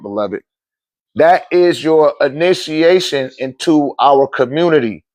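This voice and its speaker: A man ranting to his livestream viewers as a spiritual teacher, blunt, profane and animated, laughing often between phrases. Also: measured pace. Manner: animated, swings between loud outbursts and low muttering. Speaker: spiritual teacher and seller of metaphysical goods.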